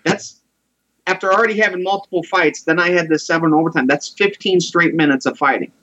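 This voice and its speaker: A man's voice: fairly high pitch, brisk, pushed and bright. Guy in his 40s telling his story all earnest, kinda muffled lo-fi audio. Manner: earnest, heartfelt. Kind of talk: casual conversation, personal storytelling.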